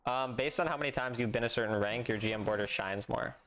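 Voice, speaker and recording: A young man livestreams a mobile game from his home setup, chatting with viewers in a dry, sarcastic, slangy way. His medium-pitched voice is fast and fairly bright, with a little hiss or hum audible.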